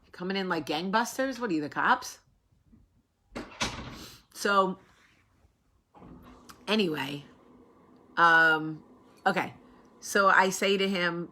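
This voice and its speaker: A woman from New Jersey with a heavy New York accent, hosting a casual talk show and telling funny stories, animated and swearing freely. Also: on the low side, takes it slowly, long pauses, slight background noise. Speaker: host. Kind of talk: casual storytelling chat.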